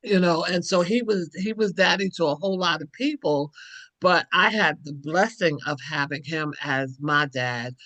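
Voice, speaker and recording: A woman's voice: deep voice, normal speed, a bit bright, dry recording. A woman in her sixties giving a heartfelt personal testimony as a guest on a church panel, in a reflective, storytelling way.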